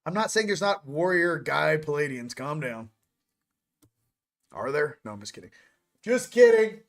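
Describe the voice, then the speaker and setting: Man, high-pitched voice, casual morning chat host, playful, rambling, cuts himself off. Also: normal speed, gravelly, a bit bright, slight background noise. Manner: joking, rambling, self-interrupting.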